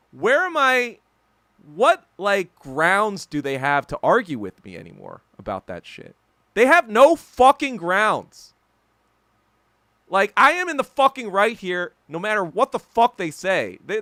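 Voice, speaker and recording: A man ranting as a solo podcast host, swearing often and leaning hard on his points. His voice sits a little high and swings widely in pitch, with a bright, forceful edge. The sound is dry and close. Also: no echo. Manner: heated, profane, emphatic ranting.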